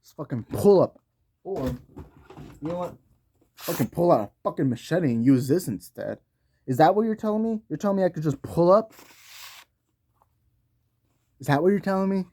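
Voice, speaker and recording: A man's voice: high voice, moderate pace, long pauses, a little mellow. A man delivering a heated, profanity-laced commentary rant on video, talking in slang. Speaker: YouTube commentator.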